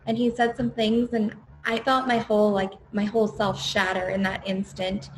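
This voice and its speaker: A woman on a panel telling a personal story, animated in her delivery. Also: mid-range voice, normal speed. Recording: echoey room with faint noise.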